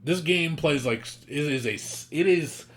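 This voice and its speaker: A man's voice: a little high, unhurried, fairly bright tone. A man streaming, ranting in casual chat, profane and exasperated, mocking other people's voices.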